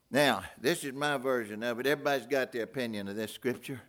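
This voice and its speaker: An older man preaching a sermon in a folksy way, swinging from loud outbursts down to hushed near-whispers. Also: medium pitch, fast, hardly any pauses.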